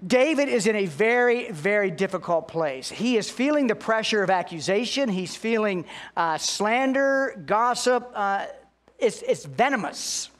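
A man with a notably high voice delivers a Sunday sermon as a pastor. He preaches earnestly, slowing down and lifting his voice to drive home each point. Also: expressive. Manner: earnest preaching, slows and rises for emphasis.

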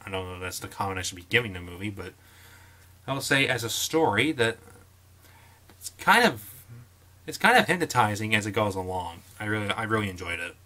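A young man casually talking through his movie collection, with jokey asides and quick opinions. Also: on the low side, big pitch swings, bright, forceful tone. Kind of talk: casual vlog commentary.

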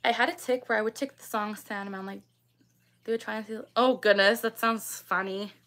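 A woman's voice: medium pitch, steady tone, moderate pace, fairly bright tone. A young woman hosting a casual livestream, reading viewer comments and chatting with lots of ums and likes. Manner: chatty, many ums and likes, laughs often. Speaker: livestream host.

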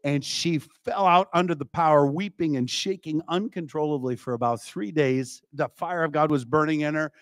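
High-voiced preacher man, dry close sound. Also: normal speed, few pauses, no echo. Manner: lively storytelling with call-outs to the congregation. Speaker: evangelist preacher. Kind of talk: revival sermon. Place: church.

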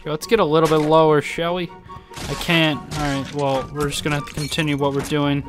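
A man commentating a game casually, excitable, swearing, laughing and yelping apologies to the characters. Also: on the high side, a little fast, over music. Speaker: gaming YouTuber. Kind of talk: casual let's play commentary.

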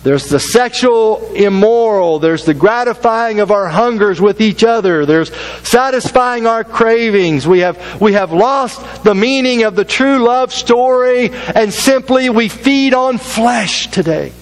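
Male pastor, fairly high voice, emphatic sermon delivery with repeated phrases. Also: expressive, a little slow, few pauses, rough recording.

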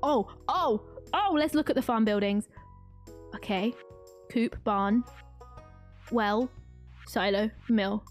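A woman streamer giving excitable, giggly live commentary while playing a game. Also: fairly high pitch, slow, pauses often, faint music behind.

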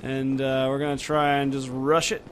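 A man's voice: mid-range voice, normal speed. A young man commenting on his own gameplay, talking to himself and swearing often when frustrated. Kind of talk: let's play commentary. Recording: steady noise behind the voice.

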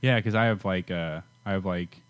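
A man with a deep, low voice speaks plainly and earnestly in casual podcast banter. He explains his reasoning step by step and stays matter-of-fact while the others joke around him. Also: moderate pace. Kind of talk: casual comedic chat.

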